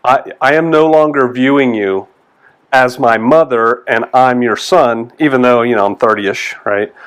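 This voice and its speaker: A man's voice: medium pitch, unhurried, clean tone. A man, a pastor giving a conversational sermon in a folksy way and acting out the quoted lines in different voices. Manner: folksy, animated, acts out quotes in changing voices.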